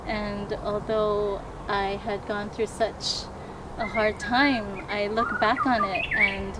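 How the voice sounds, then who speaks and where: A woman guest sharing a personal story, speaking softly and hesitantly. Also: medium pitch, huge pitch swings. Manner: slow, soft-spoken, hesitant. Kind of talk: personal testimony. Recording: clear background noise.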